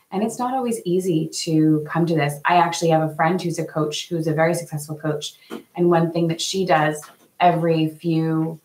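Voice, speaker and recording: Low-voiced woman talking to viewers. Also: fairly even intonation, normal speed, darkish tone, reverberant, low-quality recording. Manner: earnest, chatty, many fillers. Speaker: host. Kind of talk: casual live talk to viewers.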